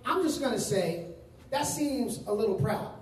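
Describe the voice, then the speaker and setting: A man's voice: very high-pitched, expressive. Man preaching in a very echoey room. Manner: emphatic preaching with slow drawn-out phrases. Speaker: pastor. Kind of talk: sermon. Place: large room with congregation. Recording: very echoey room, distant mic.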